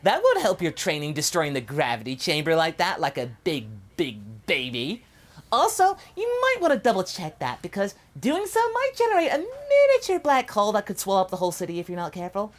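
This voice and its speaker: A man voicing a brash, cheerful female scientist who teases her husband in a high, chirpy voice. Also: wildly swooping pitch, a little fast. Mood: teasing. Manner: chirpy and teasing, high-pitched.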